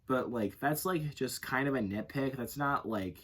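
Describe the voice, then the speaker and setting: A man's voice: medium pitch, normal speed, a bit bright, husky. A man giving a casual, unscripted movie review, rambling and correcting himself as he goes. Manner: rambling, self-correcting, leans on filler phrases.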